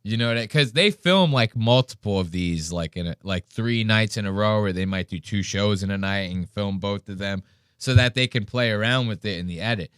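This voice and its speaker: A man's voice: lowish voice, fairly quick, smooth, no echo, studio quality. A man hosting a podcast in casual chat, swearing often and mimicking people as he tells stories. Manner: profane, animated, mimics people mid-story. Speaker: podcast host.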